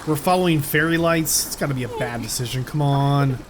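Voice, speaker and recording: A man commenting on a game as he plays it, joking and reacting with sudden excited yelps. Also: mid-range voice, fairly quick, noisy background. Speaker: gameplay commentator. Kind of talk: let's-play commentary.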